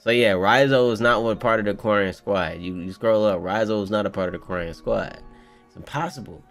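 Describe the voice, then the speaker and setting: Gravelly, excitable young man riffing on manga. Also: on the low side, fairly quick, soft background music. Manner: excitable, slangy and profane, riffing to viewers. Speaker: manga reaction host. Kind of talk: casual live reaction commentary.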